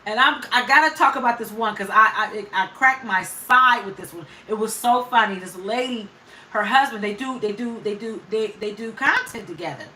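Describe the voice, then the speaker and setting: A woman's voice: a little high, moderate pace, sharp tone, slight background noise. A woman hosting a casual live stream, chatting with viewers, greeting them by name and laughing often. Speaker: livestream host. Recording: echoey room, voice from off the mic.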